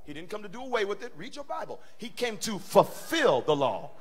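Guy pastor preaching, high voice, really lively pitch, goes soft then hollers. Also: brisk, husky. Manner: animated preaching, swings from soft to shouting. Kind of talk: sermon. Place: church sanctuary.

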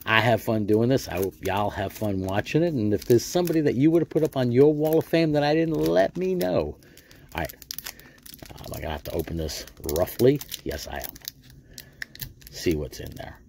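A middle-aged card collector from the United States does casual pack-opening commentary on YouTube, joking and repeating himself. His mid-range voice is gravelly yet slightly mellow and expressive, at a moderate pace, with a little background noise.

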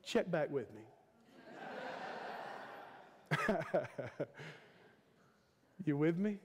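A man's voice: a little high, very animated, drawn-out words, noisy background. A man in his fifties preaching a sermon as a guest preacher, with an emphatic, repetitive cadence and stretched-out words. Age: 50s. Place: church sanctuary. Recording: long church hall reverb.

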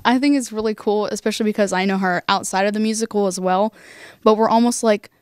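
A teenage girl, a high school actor, answering questions cheerfully. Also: steady tone, quick pace, a little mellow, clean tone, no echo, studio quality. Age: teens. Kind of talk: casual interview answers.

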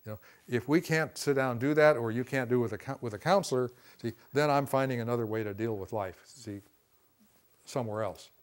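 A man with a mid-range voice teaches a classroom lecture on communication. He's folksy and conversational, often saying "see" and "you know," and acts out quick quotes.

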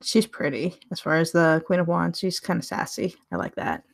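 Woman tarot reader, chatty live-stream deck review, laughs easily, warm enthusiasm. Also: on the low side, very animated, moderate pace, creaky. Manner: chatty, laughs often, gushing over the cards.

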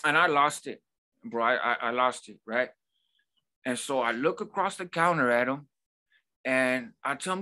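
A man's voice: medium pitch, moderate pace, bright, forceful tone. A man in his forties hosting a vlog, telling a personal story in a casual, conversational way with frequent asides. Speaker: vlog host.

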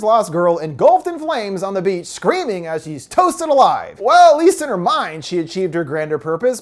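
A host narrating a casual film recap, retelling the plot with wry, joking asides. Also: medium pitch.

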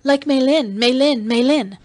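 A woman's voice: fairly quick, a little mellow. Woman voicing Dalisa, a fierce mocking captor. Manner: mocking, shrill when screaming.

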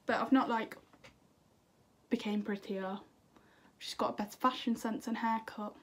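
A woman's voice: fairly high pitch, steady tone, a little slow, slight background noise. A young woman chatting to camera in a bubbly, self-deprecating way, answering viewer questions. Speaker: singer and YouTuber. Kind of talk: casual chat to camera.

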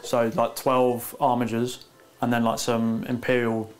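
Calm man explaining game tactics. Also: medium pitch, measured pace, soft background music. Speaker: tabletop wargame player. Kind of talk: casual post-game chat.

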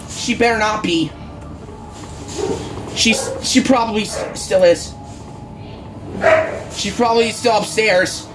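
A woman doing exasperated, rambling horror game commentary, with game music and barking dogs behind her. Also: medium pitch. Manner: exasperated, frequent groans and "bruh". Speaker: gaming channel host.

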